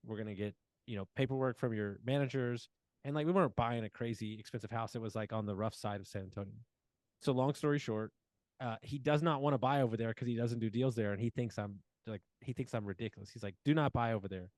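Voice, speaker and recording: A man's voice: medium pitch, fast talker, no echo. Storytelling man, dry close sound. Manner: animated storyteller acting out quoted dialogue, many fillers. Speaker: podcast guest. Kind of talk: casual storytelling interview.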